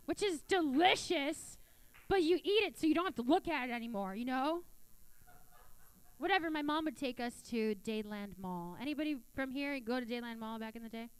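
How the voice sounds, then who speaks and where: A woman's voice: high voice, a bit bright, dry recording. A woman in her thirties from South Florida, doing a brash, profane stand-up set on a theater stage into a handheld mic. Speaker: stand-up comedian.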